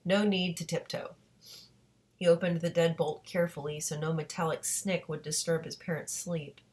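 A woman reads a novel aloud in a fairly low voice, keeping an even, steady pace. Now and then she catches a slip and corrects herself before moving on. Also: normal speed. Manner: steady reading with occasional self-corrections. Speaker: audiobook reader.

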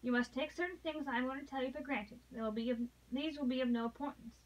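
A woman's voice: high-pitched, fast talker, recorded from a distance, lo-fi sound, close to an everyday voice. A woman voicing a desperate noblewoman who pleads earnestly for her husband's life. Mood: calm resolve. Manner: earnest, urgent, rising to passion.

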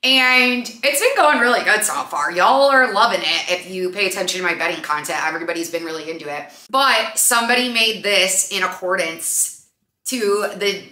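A young woman hosting a podcast, telling a story in a chatty, animated way full of fillers. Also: mid-range voice, normal speed. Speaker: podcast host. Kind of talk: casual storytelling chat. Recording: echoey room.

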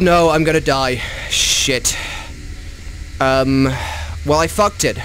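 A gaming YouTuber playing a VR horror game, chatty and swearing, who talks to the monsters in a mock bro voice and shrieks when scared. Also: male voice, a little high, steady tone, takes it slowly, pauses often. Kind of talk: comedic VR horror let's play.

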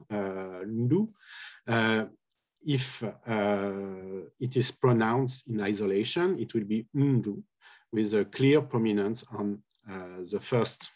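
A man giving an academic linguistics talk, explaining step by step and pausing often on "uh". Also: on the low side, darkish tone. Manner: halting, many filler "uh"s, careful explanation. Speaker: linguistics lecturer.

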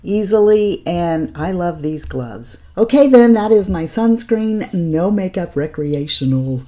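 A woman's voice: on the low side, lively intonation, a little slow, dark tone. A middle-aged woman beauty vlogger chatting casually through a makeup routine, homey and upbeat with a faith-tinged sign-off. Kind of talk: casual get-ready-with-me chat.

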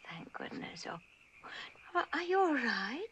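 An elegant, gentle mother cat, speaks in a high, lilting voice. She talks slowly and soothingly. The cartoon soundtrack is noisy behind her. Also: expressive, exaggerated voice. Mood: anxious.

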